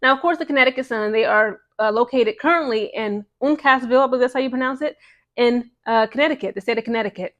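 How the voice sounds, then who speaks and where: Quick-talking woman vlog host. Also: a little high, highs cut off. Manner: emphatic, keeps adding "okay". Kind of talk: commentary vlog.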